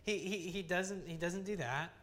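Young adult preacher, conversational sermon, earnest, chatty, lots of restarts and fillers, mid-pitched voice. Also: normal speed, fairly bright tone. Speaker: Bible teacher.

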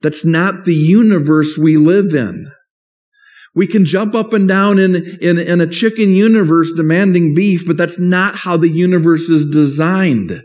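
A pastor delivers a sermon conversationally, posing rhetorical questions and acting out quotes. His voice is high-pitched with a darkish tone, and he keeps a measured pace.

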